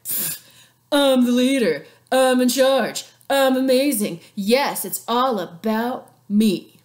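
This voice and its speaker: A smug, power-hungry Roman ruler brags about himself and sweet-talks his allies, as a woman puts him on. The voice sits high and swings widely in pitch, boastful and pleased with itself. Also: expressive, slow. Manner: boastful, flirty, self-satisfied.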